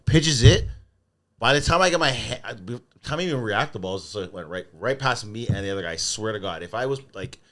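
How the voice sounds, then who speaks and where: A man's voice: fairly low pitch, expressive, quick pace, a bit bright. A man co-hosting a podcast in casual sports chat, swearing freely and telling stories with animation. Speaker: podcast co-host.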